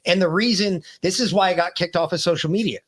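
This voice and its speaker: High-pitched man telling a story. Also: fast talker, a bit bright. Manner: storytelling, emphatic. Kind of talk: casual chat.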